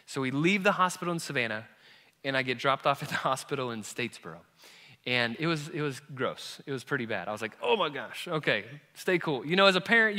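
A man in his thirties preaching a sermon as a pastor, telling a story that moves between quiet moments and loud, emphatic ones. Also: medium pitch. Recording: long reverb of a large hall.

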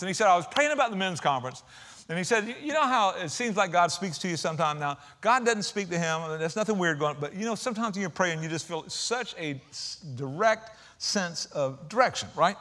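Man, preacher, sermon, emphatic, loud then hushed, high bright voice. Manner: emphatic, swings from loud to hushed while retelling a story. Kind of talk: sermon storytelling.

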